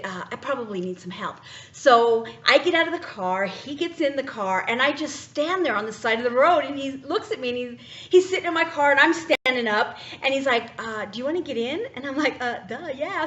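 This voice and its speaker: A woman's voice: sits high, fairly bright tone. A woman telling a motivational story about her own life. She acts out the lines of everyone in the story and drops to a near whisper at the tense moments. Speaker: transition strategist. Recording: echoey room, dull lo-fi audio with faint noise.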